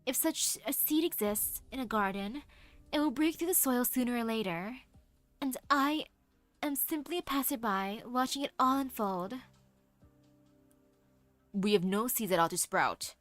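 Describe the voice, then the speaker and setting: A woman voicing a calm, ominous stranger who speaks in slow, measured tones with veiled menace. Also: fairly high pitch, no echo, soft background music. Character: calm ominous stranger giving a cold warning.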